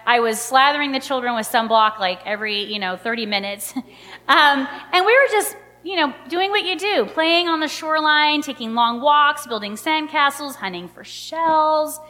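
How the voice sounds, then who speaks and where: Middle-aged woman, chatty storyteller, high voice, long hall reverb. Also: moderate pace. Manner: animated, chatty, many fillers. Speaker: mother telling a personal story. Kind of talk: personal storytelling.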